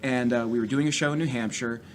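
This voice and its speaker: A man's voice: mid-range voice, fast talker, a little hiss or hum. A man, a stand-up comedian, telling profane road stories as a podcast guest. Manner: profane, animated storyteller. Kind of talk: casual storytelling.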